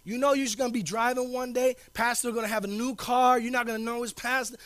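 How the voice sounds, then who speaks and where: A male pastor preaching a sermon in an informal, slangy way. He repeats key phrases for emphasis and swings between loud declarations and low asides. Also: fairly even intonation, fast talker, no echo.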